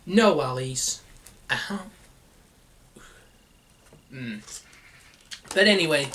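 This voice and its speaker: A man vlogging casually over lunch at home, talking slowly with many pauses and fillers and chuckling often. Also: on the high side, pushed and bright, slight background noise.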